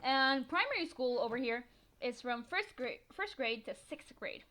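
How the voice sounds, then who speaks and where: A teenage girl from northern Mexico, chatty and excitable, telling a story as a gaming voiceover, swearing freely and laughing often. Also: high-pitched, normal speed. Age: teens. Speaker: gaming vlogger.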